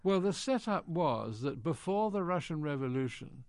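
A man's voice: on the high side, expressive, normal speed, darkish tone, no room sound, clean studio sound. An older British man, an actor, genially telling anecdotes in an interview and acting out quoted lines. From Britain. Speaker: actor guest.

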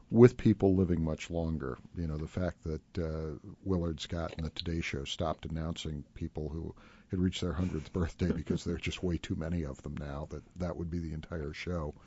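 A man hosting a call-in radio talk show, asking his guest thoughtful, relaxed questions. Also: deep voice, moderate pace, husky, no room sound. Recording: slightly dull radio broadcast sound.

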